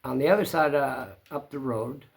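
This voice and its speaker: A man's voice: mid-range voice, normal speed, gravelly. A man hosting his own channel, telling a story to camera in a plainspoken, rambling way. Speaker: channel host.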